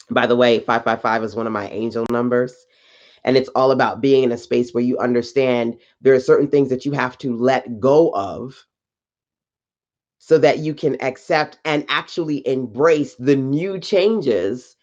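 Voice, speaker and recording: A woman business coach on a live stream, talking slowly and emphatically in a preachy motivational style with slang asides and greetings to viewers. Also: very deep voice, highs cut off. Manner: deliberately slow delivery.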